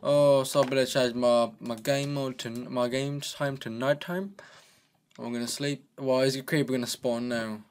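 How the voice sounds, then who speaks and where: A man's voice: mid-range voice, steady tone, normal speed, a little hiss or hum. Chatty man doing joking game commentary. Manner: chatty and joking, talks to himself. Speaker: gaming channel host. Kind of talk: casual gameplay commentary. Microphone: desk microphone.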